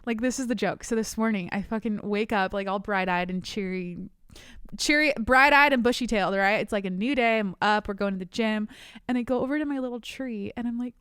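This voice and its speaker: A woman's voice: medium pitch, a little fast, fairly bright tone, clean tone, no room sound. A young adult woman hosting her own podcast from a home studio, chatting candidly and rambling, swearing freely. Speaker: podcast host. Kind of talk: casual solo podcast chat. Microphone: studio mic, on camera.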